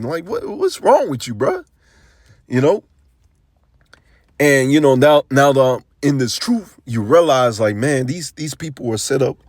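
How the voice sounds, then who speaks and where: A man's voice: mid-range voice, darkish tone, no room sound, clean studio sound. A man giving a casual, slang-filled sermon, reading scripture verses aloud and riffing on them conversationally. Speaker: scripture teacher.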